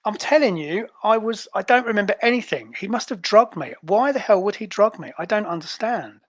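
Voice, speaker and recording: A man voicing a flustered female superhero agent, talking fast and indignant in a raised voice. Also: sits high, expressive, pitched above the performer's own voice. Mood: indignant exasperated.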